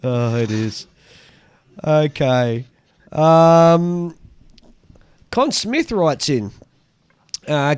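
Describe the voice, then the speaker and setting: A man's voice: a little high, lively intonation, drawn-out words, pauses often, smooth, dry recording. Australian male podcast co-host, chatty mail reader, dry close-miked sound. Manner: chatty, reads letters aloud with dry asides. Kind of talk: casual chat.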